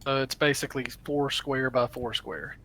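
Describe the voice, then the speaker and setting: A man playing a tabletop game who thinks out loud while working out his spells and moves. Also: mid-range voice, steady tone, normal speed, a little hiss or hum. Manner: thinks aloud, counting out spell ranges. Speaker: player. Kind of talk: casual tabletop play.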